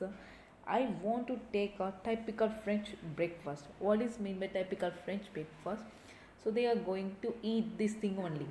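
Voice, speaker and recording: A woman leads a recorded French lesson, reading each dialogue line and translating it step by step. Her voice is mellow and warm. The room is echoey, with a faint hum of ambient noise behind her. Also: mid-range voice. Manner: reads dialogue lines aloud, then translates each one. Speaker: French teacher.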